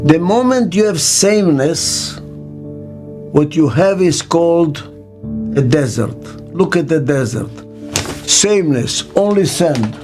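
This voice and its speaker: An older man, a business consultant giving a reflective interview, speaks emphatically and deliberately, repeating key phrases and posing rhetorical questions. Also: a little high, animated, over music.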